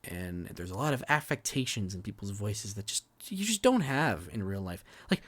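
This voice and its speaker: A man's voice: lowish voice, big pitch swings, normal speed, hardly any pauses, fairly bright tone. A man co-hosting a film podcast, giving candid, profane reviews in casual chat and sometimes dropping near a whisper. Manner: candid, swears freely, restarts words, sometimes drops to a near whisper. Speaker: podcast co-host reviewing films.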